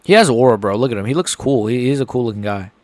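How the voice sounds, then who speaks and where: A man's voice: medium pitch, lively intonation, quick pace, darkish tone, no room sound. A young man hosting a casual live reaction stream, rambling and stumbling over his words as he chats. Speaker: livestream host.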